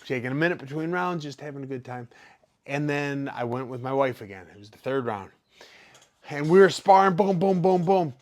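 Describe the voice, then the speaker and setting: Man, slightly high pitch, casual storytelling, animated, acts out sound effects. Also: brisk. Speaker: professional fighter.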